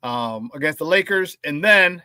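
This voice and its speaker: A male morning sports radio host talking in a loose, hyped-up, slangy way. His voice is fairly high and bright. He is recorded in a dry studio close to the mic. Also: unhurried, clear, resonant tone, no room sound. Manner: energetic, slangy hype. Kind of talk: casual morning sports talk.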